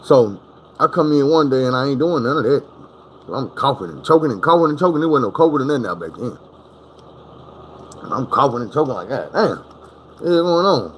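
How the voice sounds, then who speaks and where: A man telling a comic story, casual and animated, full of profane slang, jumping up high to reenact other people. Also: brisk, long pauses, slight background noise, rough recording.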